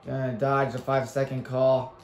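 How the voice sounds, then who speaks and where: A young man hosting a sports talk show, chatting casually and calling plays excitedly while he plays a basketball video game. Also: medium pitch, normal speed, soft background music. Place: small room at a local community TV station. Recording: roomy echo.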